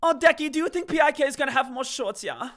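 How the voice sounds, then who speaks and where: A man putting on an exaggerated mock Irish voice, playing a hammy, excited character in an over-the-top, singsong way. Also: high voice, unhurried, clean tone.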